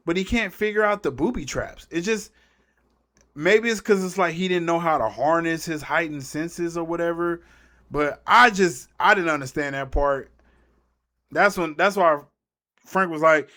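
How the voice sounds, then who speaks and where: A man talking through a film scene by scene in a loose, slangy way. He rambles and trails off mid-thought. His voice sits a touch higher than most men's. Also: measured pace, bright, forceful tone. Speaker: movie breakdown YouTuber. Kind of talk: casual movie recap commentary.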